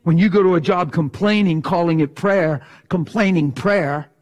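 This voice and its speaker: A middle-aged man preaching a sermon in a passionate, animated way, sometimes acting out voices for effect. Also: high-pitched, moderate pace.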